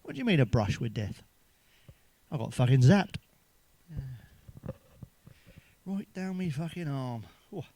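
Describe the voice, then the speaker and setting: A man's voice: medium pitch, expressive, a little slow, pauses often, warm tone, no room sound. A man telling crude jokes in a sweary monologue, chuckling at his own punchlines. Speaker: stand-up comedian.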